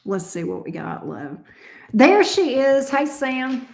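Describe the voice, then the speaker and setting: A woman's voice: sits high, sing-song, slow, gravelly, reverberant, a little hiss or hum. A woman giving tarot readings on a livestream, casual and affectionate, calling her viewers babe and sweetie and swearing lightly. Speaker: tarot reader.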